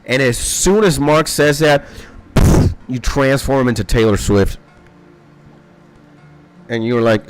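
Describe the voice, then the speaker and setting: A young man streaming a game, rambling excitably in casual chat and swearing a lot. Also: medium pitch, slow, pauses often. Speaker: gaming streamer. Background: faint background music.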